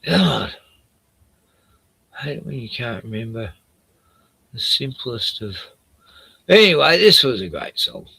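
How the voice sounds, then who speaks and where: A man's voice: medium pitch, very animated, slow, gravelly, pauses often, bright, forceful tone, husky. An Australian man chatting casually and rambling while he searches online, trailing off mid-sentence and swearing now and then.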